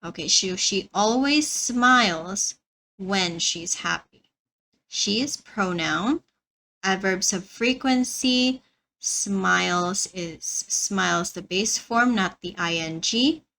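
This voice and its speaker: A woman teaching a beginner English lesson, slowly and carefully repeating words for learners. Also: mid-range voice, creaky, sharp tone, a little hiss or hum, rough recording.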